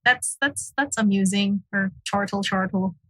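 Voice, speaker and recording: A woman's voice: medium pitch, measured pace, no room sound. A woman from the Philippines, hosting a casual podcast interview with chatty, teasing reactions. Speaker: podcast host.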